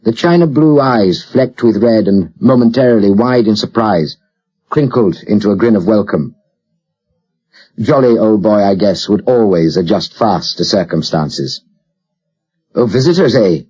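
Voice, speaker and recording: A man narrating an audiobook with a measured, steady delivery. His voice is low and husky, and the recording sounds muffled and lo-fi.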